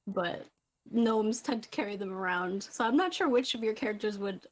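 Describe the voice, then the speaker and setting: A woman running a tabletop game, narrating in a loose, casual way. She laughs often and fills pauses with "uh.". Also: mid-range voice. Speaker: game master.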